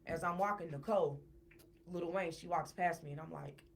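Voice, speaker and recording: A woman guest on a podcast, telling a personal story in a casual, animated way and repeating words when she gets worked up. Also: lowish voice, moderate pace, gravelly, slight background noise.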